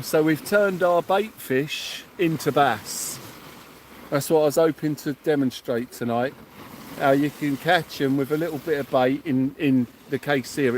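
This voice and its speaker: Male angler hosting a night livestream, gushing thanks to viewers, middle pitch, light background noise. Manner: effusive, thanks viewers by name. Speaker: fishing livestream host. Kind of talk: excited livestream chat. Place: outdoors at night by the sea.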